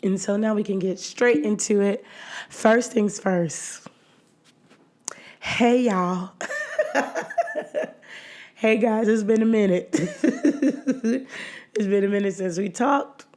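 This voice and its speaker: A woman hosting her own podcast in a casual solo chat, her voice hoarse and nearly gone, chatty and often laughing between phrases. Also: medium pitch, slow, pauses often, a little mellow. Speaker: podcast host.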